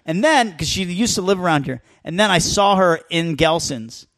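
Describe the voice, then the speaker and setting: A man's voice: sits high, expressive, moderate pace, fairly bright tone. A man in casual podcast chat, telling stories animatedly, swearing freely and acting out the scenes.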